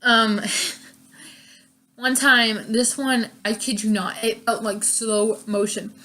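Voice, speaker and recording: A young woman with a bright, fairly high voice chats through stories about her first job. She talks casually, packs her sentences with fillers, and laughs often. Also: steady tone, slow. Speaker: vlogger. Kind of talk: casual storytime chat.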